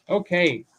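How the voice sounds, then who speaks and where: A man's voice: sits high, fairly bright tone, a little hiss or hum. A man around fifty from Pennsylvania, hosting a casual livestream at home and chatting in a laid-back way that includes casual swearing. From Pennsylvania, USA. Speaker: livestream host.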